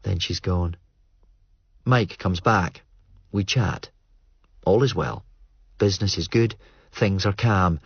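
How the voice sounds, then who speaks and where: A man narrating an audiobook in a measured, understated way. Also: low-pitched, slightly rough, no echo. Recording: muffled dry studio read.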